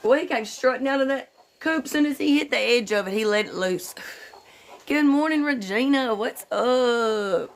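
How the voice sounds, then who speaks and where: A woman hosting a casual livestream, greeting viewers by name in a loose, slightly sleepy way. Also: fairly high pitch. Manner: slightly slow and drowsy, just woke up. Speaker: livestream host.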